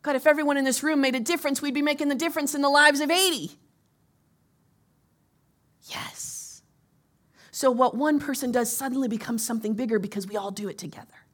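A woman pastor preaching and leading a congregation in prayer, swinging from soft, near-whispered lines to loud rallying shouts. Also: high-pitched, brisk, pauses often.

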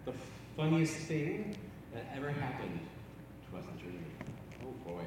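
A man from the United States, a missionary guest, telling an embarrassing funny story in an expressive, self-deprecating way. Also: mid-range voice, moderate pace. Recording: echoey hall from far off, noisy.

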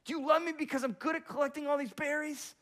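A man voicing an excited little boy squirrel from a storybook, pleading with his father in a high, eager voice. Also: fast talker.

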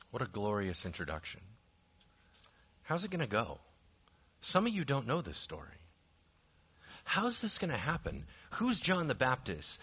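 Bright-voiced, animated preacher, lo-fi. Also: male voice, mid-range voice, slightly rough. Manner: animated storytelling, swings from hushed to shouting. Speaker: pastor. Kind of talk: sermon.

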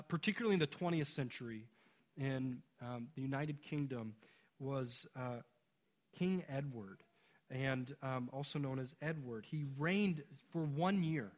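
A middle-aged man preaching a sermon. He builds to emphatic repeated questions, then drops low and slow. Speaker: pastor.

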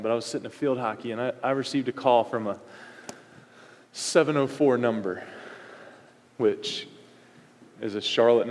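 A man's voice: on the low side, darkish tone. A middle-aged male pastor preaching a sermon, with punchy, repetitive phrasing and emphatic outbursts. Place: church sanctuary. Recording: long reverb of a church hall.

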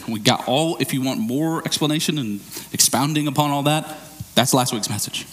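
A man preaching a sermon as pastor, explaining a scripture passage and acting out bits of dialogue in a raised, excited voice. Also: on the high side, a little fast. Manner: animated, acts out dialogue in raised voice.

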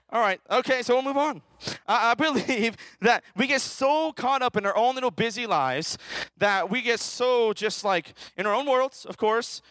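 A man with a high, smooth voice preaches a lively, joking sermon as a children's minister, constantly prompting listeners to answer aloud. The sound is close and dry, with no room echo. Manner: playful, calls out for audience participation.

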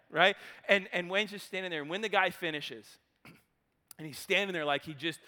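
A man telling a story in a sermon, animated, moving from loud bursts to hushed passages. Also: sits high, moderate pace, in a large hall. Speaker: speaker.

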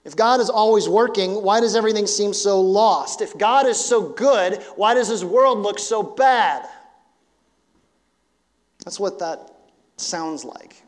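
Pastor preaching in a reverberant hall. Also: male voice, sits high, unhurried. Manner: earnest storytelling with rhetorical questions, casual fillers. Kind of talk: sermon. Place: church sanctuary. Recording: long church hall reverb.

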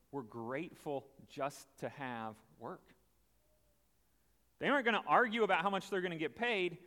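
A man gives an animated, conversational sermon. His voice is fairly high and swings widely in pitch. A long hall reverb follows each phrase. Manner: animated, conversational, acts out the story. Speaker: preacher.

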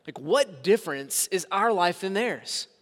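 A man's voice: sits high, animated, a little slow. A man preaching a sermon as pastor in a church sanctuary, with emphatic swings in volume. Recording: reverberant hall sound.

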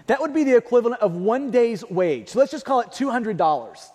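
A man preaching a sermon, emphatic, repeating key phrases and swinging between loud and hushed. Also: very high-pitched, sing-song, a little fast, slightly rough. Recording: long hall reverb.

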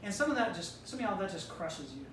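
A woman's voice: medium pitch, very animated, fast talker, a bit bright, slight background noise. A woman preacher delivering an emphatic, rhetorical sermon in which she challenges death directly. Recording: roomy hall, distant mic, faint ambience.

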